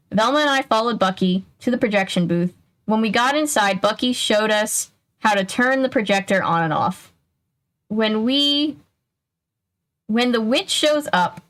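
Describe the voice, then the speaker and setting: A woman's voice: medium pitch, a bit bright, low-quality recording. A young woman casually reading a children's mystery book aloud, breaking in with chatty asides.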